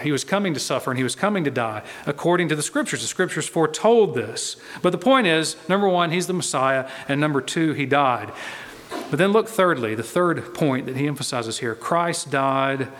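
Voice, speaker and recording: A man's voice: on the high side, fairly bright tone, big-room sound. A male pastor preaching a sermon in a church, emphatic and driving his points home by repeating key phrases.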